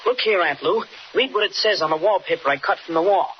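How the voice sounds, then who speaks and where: An actor playing an eager, excitable teenage boy reporter in a 1940s radio drama, heard on an old radio recording. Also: sits high, fast, lo-fi sound, slight background noise, natural voice.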